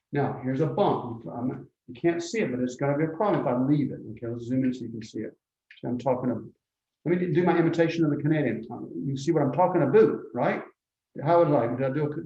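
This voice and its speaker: A man's voice: medium pitch, a little mellow. A man art teacher giving a live demonstration lesson, thinking aloud as he works and often checking in with "okay?". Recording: dull roomy lo-fi recording.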